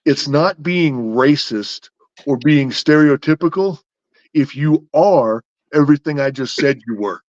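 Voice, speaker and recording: A man's voice: on the high side, expressive, measured pace, darkish tone, no room sound, highs cut off. A man hosting a podcast who argues his points casually, stacking up rhetorical questions. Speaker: podcast host.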